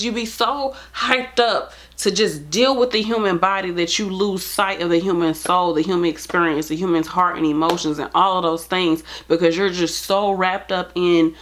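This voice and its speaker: Woman, lowish voice, earnest, pleading, casual heartfelt talk. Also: fairly even intonation, moderate pace, hardly any pauses. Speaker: nurse. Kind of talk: heartfelt direct-to-camera talk.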